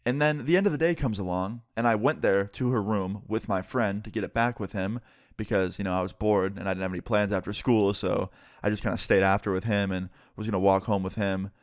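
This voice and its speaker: A man's voice: on the low side, brisk, dry recording, clean studio sound. A young man telling a story in a vlog, talking casually and swearing freely. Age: young adult.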